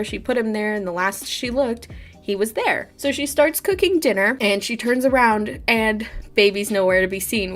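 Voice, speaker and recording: Woman vlogger, chatty storyteller with a bright high pitch and a laugh in her voice, faint music underneath. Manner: chatty, animated, laughs often. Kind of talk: casual storytime chat.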